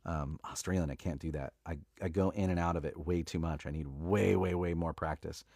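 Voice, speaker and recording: Casual male host with a low voice and a dry, close sound. Relaxed, rambling, filler-heavy live-stream chat. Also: fairly quick, creaky, no echo. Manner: laid-back and chatty, many fillers and laughs, says "dude".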